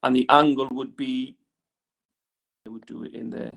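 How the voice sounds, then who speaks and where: A male teacher talks his class through a drawing exercise on the board, with a gravelly, creaky voice at a middling pitch. He keeps asking "right?" as he draws and explains. He sometimes turns away from the mic. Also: fairly even intonation, moderate pace, a bit bright. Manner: talks while drawing on the board, lots of "right?" tag questions. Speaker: engineering teacher. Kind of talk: classroom lesson.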